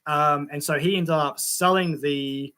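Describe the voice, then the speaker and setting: A man's voice: on the high side, steady tone, unhurried, sharp tone, smooth. An Australian man hosting a casual livestream, reading out chat comments and telling rambling car stories in a laid-back way. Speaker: livestream host.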